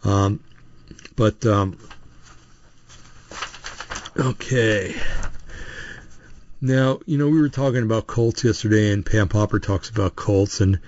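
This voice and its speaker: Low-voiced man rambling on a dull recording. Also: steady tone, takes it slowly, long pauses, darkish tone. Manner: rambling, full of restarts and asides. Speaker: podcast host. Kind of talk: casual opinionated monologue.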